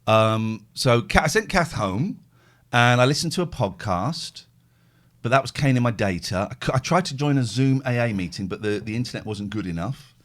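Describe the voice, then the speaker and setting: A man's voice: mid-range voice, normal speed. A middle-aged man hosting a live stream, telling a story in casual chat and acting out the phone calls. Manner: animated storyteller, acts out phone calls, thanks subscribers. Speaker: host.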